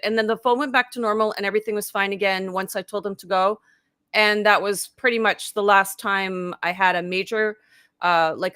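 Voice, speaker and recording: A woman's voice: mid-range voice, pushed and bright, no room sound, clean studio sound. A woman in her fifties, a life coach, telling her story in a casual live interview over a video call, talking chattily with lots of "like" and acting out her own past thoughts. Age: 50s.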